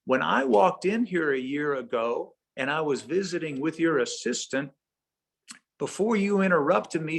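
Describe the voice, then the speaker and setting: Man doing a blunt, shrewd lady customer, questioning, husky. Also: a little high, a bit bright, pitched above the performer's own voice. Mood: knowing. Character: shrewd plain-spoken woman bank customer.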